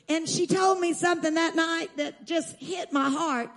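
A woman preacher telling a story in a sermon, emphatic and slowing down to stress key lines, calling on the audience to respond. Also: very high voice. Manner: urges the audience to respond aloud.

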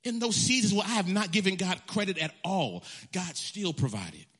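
A man preaching a storytelling sermon as a pastor, animated and emphatic, often restarting his phrases. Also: sits high, moderate pace, husky.

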